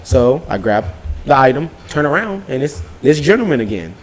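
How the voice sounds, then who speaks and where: A male podcast host telling a story in casual, animated talk, swearing freely and acting out the dialogue. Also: medium pitch, normal speed, a little hiss or hum. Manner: animated, profane, acts out dialogue.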